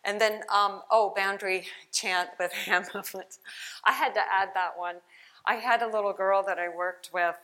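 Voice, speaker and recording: A woman speaks at a conference keynote with a bright, clear-edged voice. Her talk is chatty and animated, a play therapist telling stories to the audience through a microphone. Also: medium pitch, moderate pace. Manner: chatty, animated storytelling with laughs. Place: conference hall.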